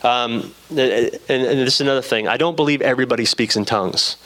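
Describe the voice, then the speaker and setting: A man's voice: medium pitch, brisk, fairly bright tone. A young man preaching a sermon in a casual, storytelling way, acting out conversations with friends. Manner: casual storytelling, acts out dialogue.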